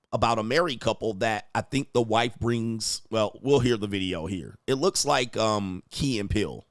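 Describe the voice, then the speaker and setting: A man's voice: mid-range voice, dry recording, studio quality. A man hosting reaction commentary on video clips, crude, joking and rambling.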